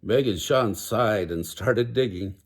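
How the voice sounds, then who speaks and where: An older man reading a children's picture book aloud, unhurried, with small stumbles. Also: fairly low pitch, background noise. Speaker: storybook reader.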